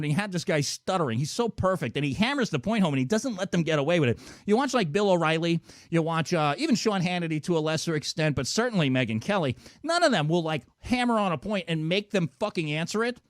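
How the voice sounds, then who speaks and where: A man's voice: on the high side, expressive, fast talker, few pauses, no room sound, studio quality. A man hosting a call-in talk show, ranting sarcastically and swearing constantly. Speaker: radio show host. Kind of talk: profane call-in show rant.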